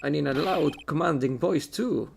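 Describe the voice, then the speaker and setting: A man's voice: fairly high pitch, normal speed, gravelly, slight background noise. A man voicing a bumbling, lovesick young man who rambles and whines, with game music behind. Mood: whiny.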